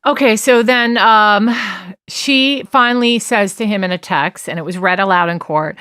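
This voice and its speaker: A woman's voice: medium pitch, normal speed, smooth, no room sound, clean studio sound. Chatty woman retelling a court case. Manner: animated retelling with restarts, quoting texts in a raised voice. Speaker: podcast co-host. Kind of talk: casual true-crime chat.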